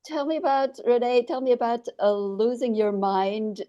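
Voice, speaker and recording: Woman interview host, slightly high-pitched, curious and prompting. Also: fairly even intonation, moderate pace, mellow, highs cut off. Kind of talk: casual interview conversation.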